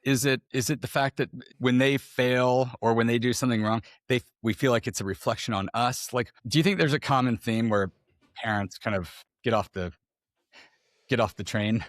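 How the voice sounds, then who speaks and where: A man's voice: mid-range voice, moderate pace, dry recording, clean studio sound. A middle-aged man talking as a podcast guest, candid and loose with casual slang and fillers. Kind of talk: casual conversation.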